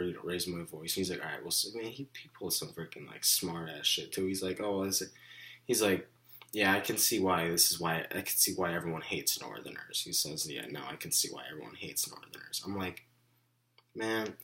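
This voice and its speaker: Young man venting with deep bright voice. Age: young adult. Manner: rambling, heavy on fillers like "you know" and "like"; frustrated, indignant. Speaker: vlogger. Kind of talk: casual venting monologue.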